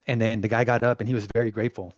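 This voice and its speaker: A man working as a real estate agent from Southern California tells stories in a casual, animated interview with relaxed slang. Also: on the low side, racing, no echo. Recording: slightly dull, dry recording.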